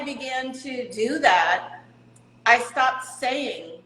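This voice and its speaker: A woman's voice: mid-range voice, normal speed, a bit bright, echoey room, a little hiss or hum, rough recording. A middle-aged woman talking candidly as an interview guest, laughing at herself now and then. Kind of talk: casual interview talk.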